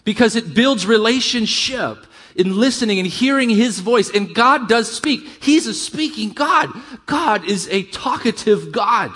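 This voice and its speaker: Middle-aged male pastor, high voice, conversational sermon, builds emphasis. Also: lively intonation, sharp tone, husky. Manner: conversational preaching, rising emphasis, quick asides.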